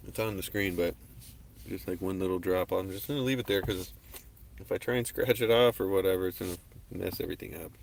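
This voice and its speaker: A livestream host with a deep, gravelly voice talks fairly quickly into a webcam on his desk, rambling in a laid-back, slangy way. There's slight background noise.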